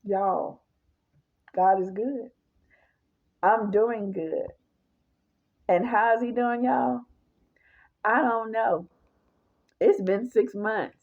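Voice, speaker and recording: Gravelly woman giving testimony. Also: on the high side, fairly even intonation, very slow, long pauses, narrow, tinny audio. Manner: emphatic, speaks straight to listeners as y'all. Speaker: woman sharing her testimony. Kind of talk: personal testimony monologue.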